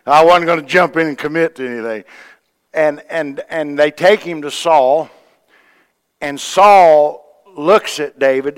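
A man's voice: fairly high pitch, clear, resonant tone, long reverb tail. A man preaching a sermon, retelling a scripture story in a folksy way with quoted voices and asides to the church. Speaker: pastor.

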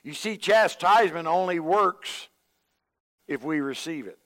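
A man's voice: fairly high pitch, measured pace, fairly bright tone, in a large hall. A man preaching a sermon, folksy and storytelling, acting out the voices he quotes. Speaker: pastor.

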